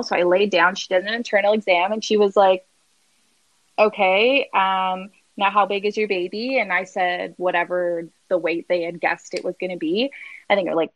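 A woman's voice: medium pitch, dry recording, low-quality recording. A young adult woman hosting a podcast, telling a story in casual chat with lots of "like" fillers. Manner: animated storytelling, many "like" fillers. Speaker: podcast host.

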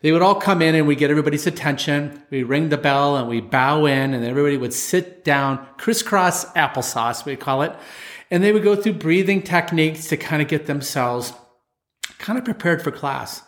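A man who teaches martial arts, telling a story from his classes in an animated way and acting out the voices in it. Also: fairly high pitch, moderate pace. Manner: animated storyteller, acts out voices of children and parents. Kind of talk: storytelling talk.

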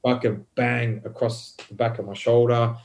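A man's voice: mid-range voice, moderate pace, creaky, slight background noise. A man, a podcast guest telling a long story in casual talk, swearing a lot and rambling with many fillers. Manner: swears heavily, rambling and animated.

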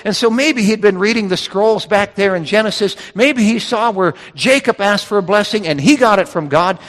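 Male pastor preaching, kinda high voice, lots of hall echo, gets fired up and repeats himself. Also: fairly bright tone. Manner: emphatic preaching with rising intensity and repetition. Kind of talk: sermon. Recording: reverberant hall.

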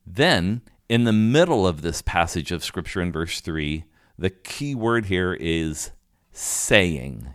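Male pastor, deep low voice, explanatory sermon delivery, dry close sound. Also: very animated, slow pace, dry recording. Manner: teaching, explanatory, with restarts and fillers.

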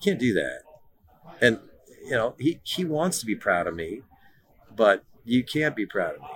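A man's voice: fairly low pitch, sing-song, moderate pace, a bit bright. A middle-aged man, a former pro soccer player, telling stories as a guest in a casual interview, often repeating words as he starts a sentence.

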